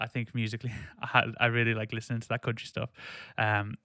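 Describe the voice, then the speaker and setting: A man's voice: mid-range voice, vocal fry, a bit bright, clear, resonant tone, dry recording, clean studio sound. A man co-hosting a podcast, chatting casually about an album with lots of fillers and restarts. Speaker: podcast co-host.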